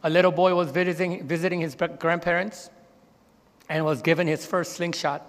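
A pastor's steady, brisk voice fills a large hall as he preaches in a church sanctuary. He tells anecdotes during the sermon, voicing the people in them with a higher pitch.

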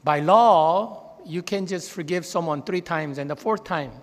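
A pastor delivers a sermon in a church sanctuary, speaking a little slowly as his voice fills the large hall. He tells anecdotes in a storytelling manner, raising his pitch whenever he voices the characters he quotes.

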